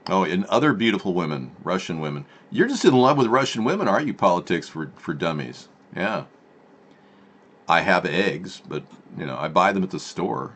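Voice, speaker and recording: Guy rambling on his livestream, sarcastic, answers chat, lively up and down pitch. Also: normal speed. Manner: meandering, sarcastic asides, replies to chat. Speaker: live-stream host. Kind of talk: rambling political live stream.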